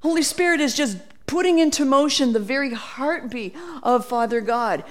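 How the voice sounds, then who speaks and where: A woman preaching a sermon, animated, acting out quoted voices and reading scripture aloud. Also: high voice, moderate pace.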